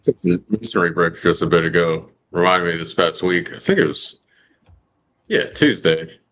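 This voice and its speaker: A man with a very low voice chats easily on a livestream. He sounds relaxed and unhurried in his talk. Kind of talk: casual chat.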